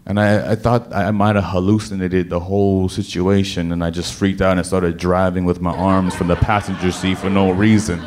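Lively low-voiced man telling a story. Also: moderate pace, few pauses. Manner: animated, dramatic, stammers on repeated words. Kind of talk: personal story told to an audience.

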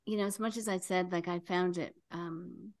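A woman's voice: lowish voice, fairly even intonation, normal speed, creaky, darkish tone. An older woman, a podcast guest, telling a story in casual chat, full of fillers and laughing as she goes.

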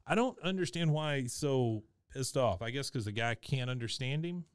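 A man co-hosting a podcast, casually recapping a cartoon episode and breaking into quick impressions of its characters. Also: mid-range voice, lively intonation, clean tone, dry recording, studio quality. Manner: narrates scenes and quotes characters with quick put-on voices. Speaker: podcast co-host.

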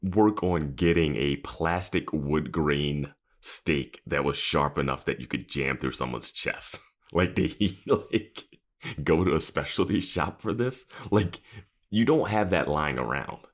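A man's voice: a bass voice, measured pace. A man co-hosting a podcast, chatting casually with joking questions and frequent chuckles. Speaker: podcast co-host. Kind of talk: casual episode recap chat.

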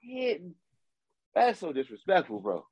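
Husky, high-voiced man ranting. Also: normal speed, no echo, muffled recording. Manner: animated, ranting, repeats himself, slangy. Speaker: podcast co-host. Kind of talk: casual sports talk.

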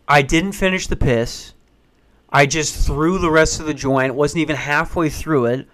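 A man telling a funny personal story in casual, profane, animated style. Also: on the high side. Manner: profane, animated, acts out voices, rushes when excited.

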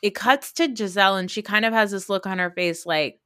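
A woman with a bright, forceful voice chats through a reality TV recap, slipping into quick impressions of the cast as she goes. The sound is dry and close, with almost no room around her. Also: medium pitch, no echo. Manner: animated, acts out quotes from the show. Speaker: podcast co-host. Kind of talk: casual reality TV recap chat.

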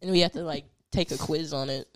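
A woman's voice: sits low, fairly quick. Co-host, female, congested, easygoing, laughs a lot, casual chat.

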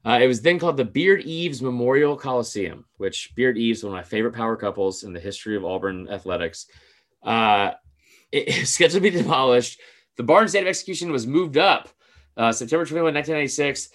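A man co-hosting a casual podcast tells a rambling story packed with filler words and casual swearing. His mid-range voice is expressive and brisk.

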